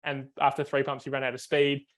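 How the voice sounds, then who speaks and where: A man's voice: mid-range voice, completely flat delivery, brisk. A man, a foiling coach, explains technique on a video call, step by step, with many fillers and restarts.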